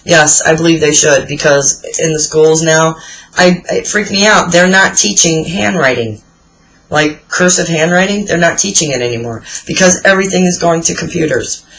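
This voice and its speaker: A woman's voice: deep voice, normal speed, a bit bright, poor audio. A woman in her forties chatting casually to camera, telling blunt, profane stories with plenty of swearing. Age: 40s. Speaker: vlogger answering a tag video. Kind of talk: casual chat.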